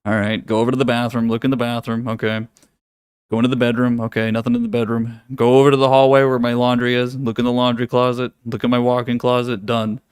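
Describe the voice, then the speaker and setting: Dry, close sound on a male voice at a middle pitch, with no room echo. He is a live-stream host talking to his viewers from his home office, loose and profane. He laughs a lot and teases the chat. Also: little pitch movement, fast talker, clean tone. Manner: profane, laughs often, teasing.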